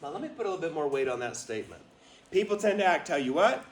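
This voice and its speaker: A man giving a lively storytelling talk as a motivational speaker, drawing answers from a small live audience. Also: fairly high pitch, fast talker, roomy sound, distant mic, low-quality recording. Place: retreat meeting room with a small audience.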